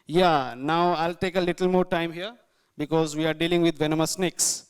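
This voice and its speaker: A man's voice: a little high, steady tone, moderate pace, clear, resonant tone. A man giving a guest lecture, walking through slides in an informal, explanatory way with frequent fillers. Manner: informal, explanatory, many fillers like "like" and "you know".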